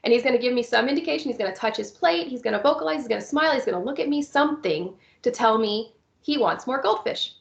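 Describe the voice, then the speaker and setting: This presenter's voice is on the high side, with lively intonation and vocal fry, and she speaks fast. She walks through teaching young children with visual impairments step by step in a recording, acting out cheerful teacher lines. The audio is dull and roomy.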